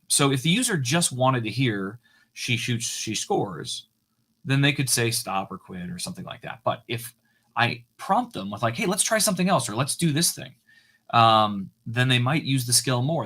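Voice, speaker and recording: A man's voice: fairly low pitch, sharp tone. A man walking viewers through his code on a live coding stream, casual and hesitant, with frequent fillers and restarts.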